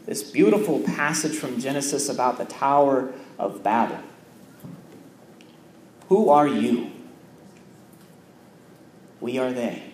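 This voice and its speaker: Slow-preaching pastor with a high voice. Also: male voice, echoey room, slight background noise. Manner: measured preaching with repeated phrases and pauses. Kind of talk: sermon. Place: church.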